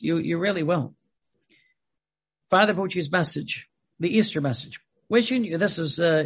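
A man with a husky, slightly high voice gives a devotional talk. He speaks in halting bursts, often stopping to restart his sentences and filling the gaps with "uh" and "and". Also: fairly bright tone. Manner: halting, many fillers and restarts. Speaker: religious speaker.

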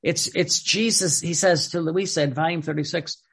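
A man's voice: on the high side, fairly even intonation, moderate pace, vocal fry, a bit bright, slightly rough. A man preaching a sermon in an emphatic, repetitive way, often restarting his sentences.

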